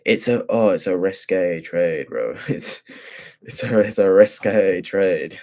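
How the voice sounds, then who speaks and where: This is a young man walking through his trading charts. His voice sits very low and deep. He muses aloud in loose, profane slang. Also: slow pace, gravelly, a little mellow. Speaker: forex trader. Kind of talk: casual chart breakdown.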